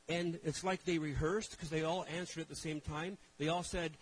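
A man preaching as a pastor, telling a story with animated shifts from hushed asides to loud outbursts. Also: fairly high pitch, brisk, few pauses, husky, low-quality recording. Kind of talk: sermon storytelling.

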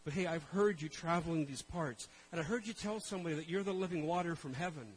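A preacher playing a desperate outcast man who begs to be touched and healed. the voice is earnest and beseeching, set a little higher than average. it drifts up and down as he pleads. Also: quick pace, a little hiss or hum, lightly acted, poor audio. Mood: pleading. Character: pleading unclean adult man asking for healing.

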